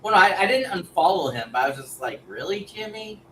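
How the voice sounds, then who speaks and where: A man's voice: high voice, very animated, fast talker, fairly bright tone, a little hiss or hum. A man on a casual political chat show, speaking hesitantly and often trailing off. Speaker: panelist. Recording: roomy echo.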